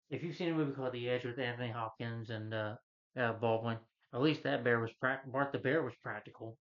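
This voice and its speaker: A man recaps a movie scene by scene in a loose, rambling way, stumbling over his words and leaning on fillers. His voice sits at an ordinary middle pitch. The recording sounds a little dull and lo-fi. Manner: rambling, halting, full of "you know" and restarts. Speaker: movie reviewer. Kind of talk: casual plot retelling.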